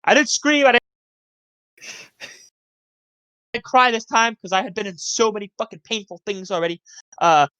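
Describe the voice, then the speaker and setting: A young man in his twenties, co-hosting a casual podcast, rambling through profane childhood stories with animated yelps and laughter. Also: high-pitched, moderate pace, pauses often, smooth, dry recording, dull audio. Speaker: podcast co-host. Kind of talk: casual chat, storytelling.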